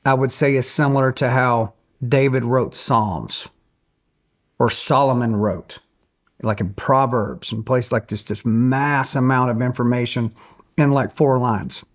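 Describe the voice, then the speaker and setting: Man, middle-aged, earnest storyteller, mid pitch, interview guest. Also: fairly even intonation, measured pace. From Tennessee, USA. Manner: earnest storyteller, acts out quotes. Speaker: guest, country singer.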